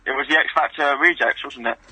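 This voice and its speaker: A man's voice: on the high side, fast, sharp tone, husky, no echo. A man calling in to a radio phone-in, hesitant and a little apologetic. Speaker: caller. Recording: dry phone line.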